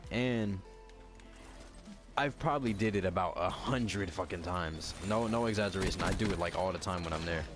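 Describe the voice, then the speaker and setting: A young man with a fairly low voice rattles through a story, packed with slang and swearing. He talks loosely and animatedly, as if chatting to friends. Music plays clearly behind him. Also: moderate pace. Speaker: vlogger. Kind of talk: casual storytelling. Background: background music.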